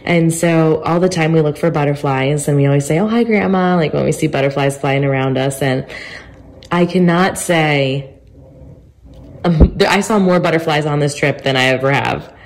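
Congested, nasal young woman vlogging. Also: low-pitched. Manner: chatty, gushing, talks in a sing-song voice to her dog. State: congested with a cold. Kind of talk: casual vlog chat.

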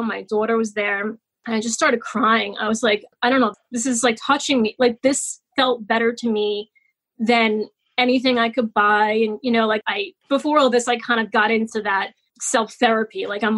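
Husky high-voiced woman telling a story. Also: low-quality recording. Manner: chatty, emotional, many fillers and restarts. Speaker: podcast guest, children's author. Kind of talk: casual interview storytelling.

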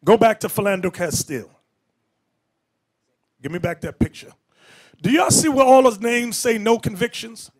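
A man preaching as a bishop in an emphatic, animated lecture style with off-the-cuff asides. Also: high voice, moderate pace, pauses often. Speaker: bishop and teacher.

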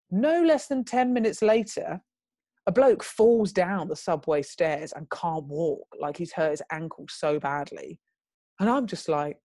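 A young adult woman, a guest telling a lively story and quoting herself in loud, high bursts. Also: no echo, studio quality. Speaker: interview guest. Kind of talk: animated storytelling.

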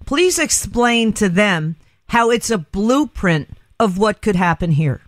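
A woman's voice: on the high side, lively intonation, measured pace, a bit bright, no room sound. A middle-aged woman hosting a talk radio show, chatty and rambling, laughing easily between her words. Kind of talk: casual radio banter.

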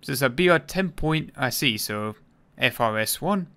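A man's voice: mid-range voice, lively intonation, normal speed, a bit bright. Joking, irreverent male game streamer. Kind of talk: casual gameplay commentary.

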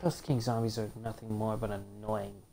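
A man's voice: on the low side, little pitch movement, moderate pace, gravelly. A man commentating a zombie game as he plays, easily frustrated, swearing and talking back at the game. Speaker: gameplay commentator. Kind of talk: let's play commentary. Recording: loud game noise behind.

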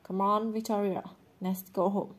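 A woman's voice: mid-range voice, flat delivery, normal speed, close to an everyday voice. A woman reading the lines of a stern, angry father in an audiobook, speaking curtly and harshly. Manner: curt, harsh.

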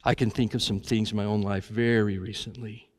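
A man leading a congregation in an earnest, halting spoken prayer in church. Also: fairly low pitch, little pitch movement. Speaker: guest preacher leading prayer. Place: church sanctuary.

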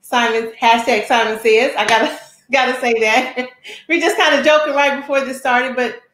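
A woman hosting a talk show, giving an energetic, chatty introduction and often asking her listeners "right?". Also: sits high, moderate pace, reverberant. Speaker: show host.

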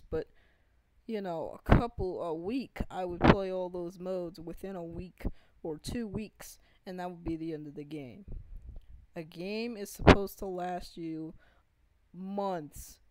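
A woman's voice: mid-range voice, noisy background. A woman in an unscripted gaming rant, earnest and pleading, often stopping to restart her sentences. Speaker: gaming vlogger.

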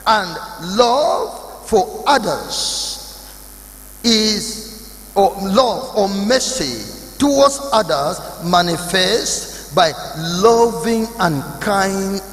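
A man, a pastor, preaching emphatically to a youth conference and acting out the voices he quotes. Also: high-pitched. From Nigeria. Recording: echoey hall recording.

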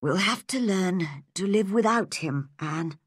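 A woman's voice: fairly low pitch, lively intonation, takes it slowly, slightly rough, dry recording, clean studio sound, heavily acted. A woman reading a storybook, voicing a tired, worried older farm woman in a subdued way. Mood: sorrowful.

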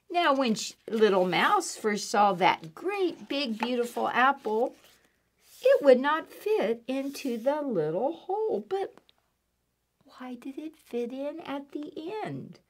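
A woman's voice: fairly high pitch, creaky. A woman, a children's librarian, reading a picture book aloud and asking the children questions as she goes. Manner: animated, asks kids questions. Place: public library.

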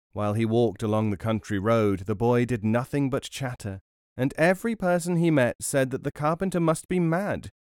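A man narrating a folk tale in an expressive, storytelling manner. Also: medium pitch, no echo, clean studio sound. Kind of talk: scripted narration of folk tales.

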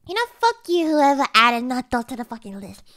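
A young woman streamer commenting on a food challenge to her viewers, dramatic and profane, swinging between low groans and shrieks. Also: big pitch swings, fairly quick, a bit bright. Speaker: VTuber streamer.

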